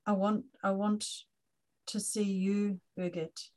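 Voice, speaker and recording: A woman's voice: mid-range voice, level tone, slow pace, darkish tone, poor audio. Hesitant woman practicing a coaching exercise. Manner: hesitant, searching for words. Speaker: trainee.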